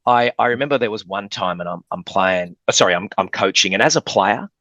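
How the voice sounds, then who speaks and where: A man's voice: fairly low pitch, animated, brisk, fairly bright tone, dry recording, muffled recording. An Australian man, a former basketball player turned commentator, talking at length as a podcast guest and telling rambling stories. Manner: rambling, talkative storyteller. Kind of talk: casual podcast interview.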